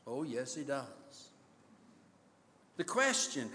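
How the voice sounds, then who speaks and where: A man's voice: on the high side, very animated, a little slow, fairly bright tone. A man preaching a sermon as pastor, often asking his congregation questions to keep them alert. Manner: quizzes the congregation, rhetorical questions. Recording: long hall reverb.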